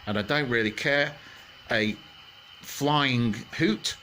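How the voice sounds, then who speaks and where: A man's voice: medium pitch, slow pace, sharp tone, a little hiss or hum. A man voicing Goldilocks, a tired and fussy young girl, in a bedtime story told at home. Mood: contented.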